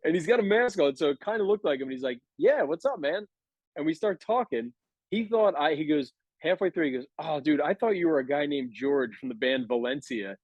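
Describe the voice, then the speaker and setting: A man's voice: on the high side, lively intonation, a little fast, darkish tone, slightly rough, no room sound, highs cut off. A man in his thirties telling a long, rambling story on a podcast, laughing as he goes. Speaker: podcast guest. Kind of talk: casual chat, storytelling.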